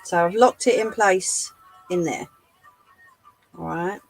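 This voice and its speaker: A woman hosting a live sewing tutorial, chatting to her viewers as she works, her voice going a little hoarse. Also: fairly low pitch, slow, no echo, soft background music, low-quality recording. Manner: chatty, talks to live chat while demonstrating. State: losing her voice. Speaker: craft livestream host.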